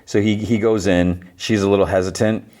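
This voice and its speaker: A man's voice: lowish voice, fairly even intonation, normal speed, a little mellow. A man hosting a podcast, casually recapping a show scene by scene and quoting the characters' lines. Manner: retells scenes with quoted lines, many "like"s. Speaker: podcast host.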